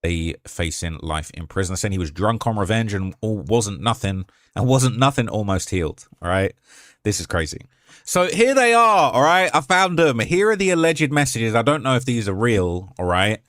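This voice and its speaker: A man's voice: lowish voice, lively intonation, moderate pace, a bit bright, no echo, clean studio sound. Rambling man reading leaked messages. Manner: loose, rambling, hedging. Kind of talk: casual commentary reading messages.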